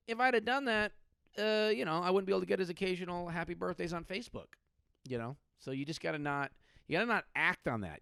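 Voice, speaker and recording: A man's voice: a little high, fairly bright tone, dry recording, studio quality. A man in his late thirties, a comedian and podcast host, telling crude, rambling stories with sudden outbursts. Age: late 30s.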